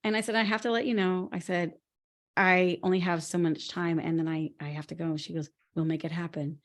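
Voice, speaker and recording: A woman co-hosting a podcast in casual conversation, telling lively stories and laughing often. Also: lowish voice, a little fast. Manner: animated, laughing storyteller. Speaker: podcast co-host.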